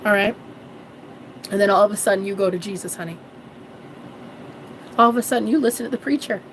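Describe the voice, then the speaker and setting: A woman's voice: medium pitch, fairly quick, slight background noise, rough recording. A woman in her thirties, a manifestation coach, talking in a sassy, preachy way and calling viewers girl and honey. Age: 30s. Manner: swears freely. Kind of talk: casual vlog monologue.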